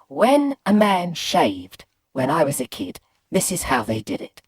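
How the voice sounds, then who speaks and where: A woman's voice: on the low side, a little slow, breathy edge, no room sound. Woman spinning a funny kid story, voice bouncing all over, dry close mic. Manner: lively, swings between hushed and loud bits. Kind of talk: animated retelling of a comic childhood poem.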